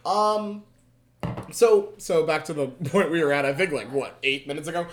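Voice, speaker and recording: A man's voice: fairly high pitch, moderate pace, roomy sound, background noise. A young man hosting a podcast in casual chat, swearing freely, laughing often and restarting his sentences. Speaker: podcast host.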